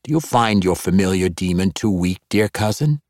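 A man's voice: deep voice, expressive, moderate pace, a little mellow, no room sound, studio quality. Man reading a frightened pleading mother, audiobook. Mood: desperate. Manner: pleading, desperate.

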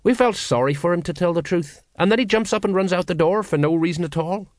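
A man's voice: fairly high pitch, lively intonation, a little fast, no echo, clean studio sound, lightly acted. A man reading an audiobook, voicing a sheepish, evasive middle-aged watch sergeant who talks colloquially.

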